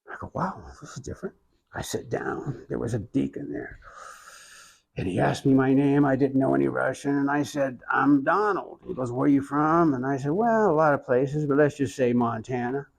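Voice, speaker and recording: Gravelly older man from Oklahoma. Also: mid-range voice, darkish tone, poor audio. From Oklahoma, USA. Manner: slow, reflective storytelling with many pauses. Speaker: interviewee, iconographer. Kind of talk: storytelling in an interview.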